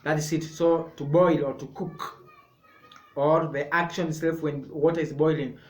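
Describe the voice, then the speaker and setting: A man teaching a sign language lesson, explaining each sign slowly and repeating words step by step. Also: fairly high pitch, fairly even intonation. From Kenya. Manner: slow, repetitive, explaining step by step. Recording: echoey room.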